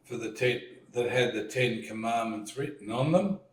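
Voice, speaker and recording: A man leading a relaxed dining-table discussion, slowly retelling a story and acting out what people said. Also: mid-range voice, far from the mic, a little hiss or hum. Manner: slow storytelling, retells scenes with acted lines. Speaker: discussion leader. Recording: echoey room, voice set back from the mic.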